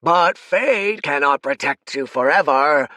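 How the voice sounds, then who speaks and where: A man voicing a furious male demon king who roars his contempt in a raised, high-pitched voice, for an audiobook. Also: animated, measured pace, sharp tone, dry recording. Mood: roaring. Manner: roaring, contemptuous.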